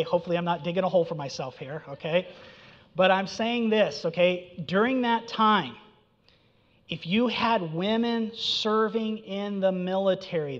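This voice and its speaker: A man preaching an expository sermon in a conversational, animated way, his voice swinging from loud mock challenges to quiet low remarks. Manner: animated, conversational, mocking voice for quoted prophecy. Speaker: pastor. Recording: dull sound with long hall reverb.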